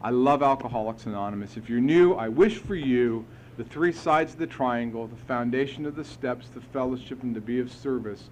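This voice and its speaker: A man's voice: mid-range voice, normal speed, hardly any pauses, slight background noise. A middle-aged man sharing his story at a recovery meeting, speaking frankly and emphatically, with blunt swearing. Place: live meeting hall.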